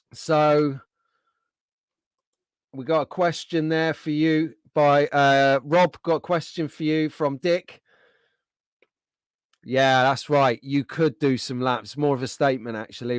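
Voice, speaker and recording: A man's voice: fairly high pitch, clear, resonant tone, no room sound. Chatty man hosting a livestream. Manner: chatty, friendly, reads out viewer comments. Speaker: livestream host. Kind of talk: casual livestream chat.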